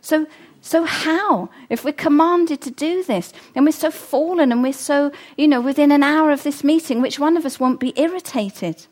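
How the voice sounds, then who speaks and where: A woman's voice: sits high, normal speed, hardly any pauses, a little mellow. A middle-aged woman preaching a sermon, earnest and emphatic, repeating her key phrases.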